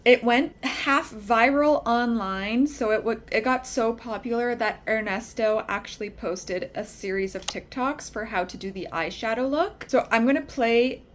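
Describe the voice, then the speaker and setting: A woman beauty vlogger speaks straight to her viewers with a slightly higher voice. She talks in a chatty, direct way, tossing in quick asides. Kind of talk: casual vlog intro.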